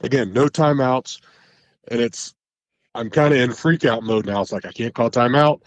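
A man's voice: mid-range voice, moderate pace, no room sound, dull audio. A man, a head coach, telling a long game story in a casual podcast chat, rambling and correcting himself as he goes. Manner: animated, rambling recounting with self-corrections.

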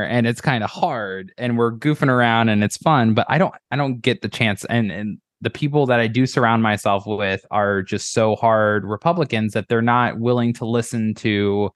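A man's voice: mid-range voice, no echo, studio quality. A man who is a podcast guest, talking earnestly in casual chat, swearing and often restarting his sentences.

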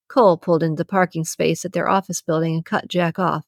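Low-voiced woman narrating an audiobook. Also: steady tone, fast, gravelly, few pauses, dry recording, clean studio sound. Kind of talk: scripted narration.

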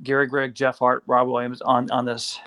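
A man, a guest on an interview show, telling his story in a casual, animated way, acting out the voices of people he quotes. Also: medium pitch, moderate pace. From Kentucky.

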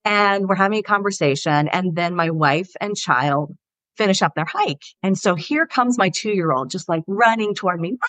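A woman from the Southern US, a guest author on a podcast, telling lively anecdotes in casual conversation. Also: fairly low pitch, normal speed. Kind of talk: casual interview storytelling.

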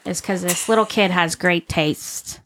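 A woman's voice: on the low side, fairly even intonation, measured pace, fairly bright tone. A woman co-hosting a podcast in casual chat, telling anecdotes with a lot of laughter and acting out the voices of the people in them. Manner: chatty, laughs often, acts out voices in anecdotes. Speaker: podcast co-host.

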